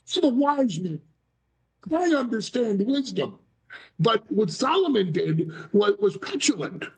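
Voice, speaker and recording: A man's voice: high-pitched, very animated, unhurried, low-quality recording. A middle-aged man talking as an interview guest, theatrical and dramatic, with acted voices in his stories. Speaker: wrestling personality, guest. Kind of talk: animated interview talk.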